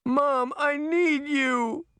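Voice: fairly even intonation, pushed and bright, no room sound, exaggerated voice. A reader voicing a wailing teenage fairy girl. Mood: distraught. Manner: sobbing, high and drawn-out. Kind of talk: audiobook reading.

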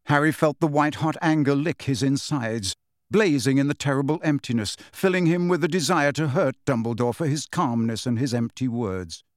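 A man's voice: medium pitch, moderate pace, no room sound, studio quality. A man narrating a fantasy novel as an audiobook, reading expressively.

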